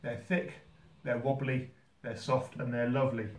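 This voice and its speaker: A man hosting a how-to video from a holiday home kitchen, talking in a dry, mock-serious, gently teasing way. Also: medium pitch, little pitch movement, normal speed, echoey room, far from the mic. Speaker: host. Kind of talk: deadpan comic how-to video.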